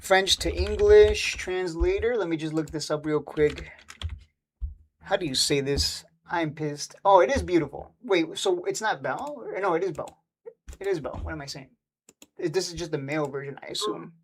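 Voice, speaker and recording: A man chatting casually on a live stream about stock charts, rambling and quick to laugh or get annoyed. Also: fairly high pitch, slight background noise.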